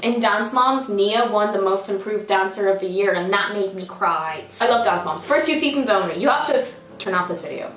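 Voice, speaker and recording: A woman in her twenties chats through a casual storytime vlog, swearing freely and mocking herself. Her voice sits at an everyday middle pitch and now and then leaps into squeals. The sound is roomy and echoey, picked up from a little way off. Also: fairly bright tone, distant mic. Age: 20s. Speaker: vlogger.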